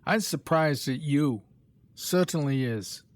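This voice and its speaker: A man's voice: a little high, animated, slow pace, dry recording. A man reading aloud, voicing a sarcastic older stable hand who scolds fighting boys. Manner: loud, scolding, heavy dialect.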